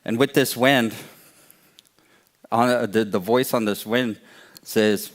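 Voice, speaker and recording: A male storyteller telling a traditional story aloud with slow, repetitive phrasing. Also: medium pitch, fairly even intonation. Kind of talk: oral storytelling.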